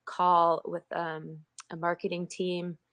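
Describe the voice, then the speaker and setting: Woman, casual team update, hesitant restarts, flat low voice, dry sound. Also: takes it slowly, dry recording. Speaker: team member on a project call. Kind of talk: casual spoken project update.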